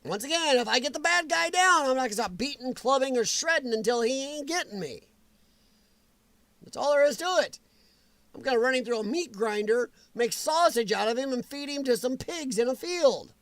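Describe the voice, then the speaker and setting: A man hosting a casual livestream, answering viewers' comments in a chatty, animated way with frequent chuckles. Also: extremely high pitch, moderate pace, dry recording. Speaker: livestream host.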